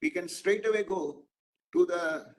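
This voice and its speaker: A man's voice: sits high, a little slow, darkish tone. A man with an Indian English accent chairing a webinar over a video call, speaking hesitantly with many fillers. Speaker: session chair.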